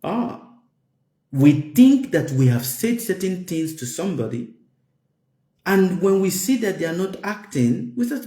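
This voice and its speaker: Animated man giving a spiritual talk. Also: a little slow. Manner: emphatic, repeats phrases, voice climbs high for stress. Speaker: spiritual teacher. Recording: roomy echo.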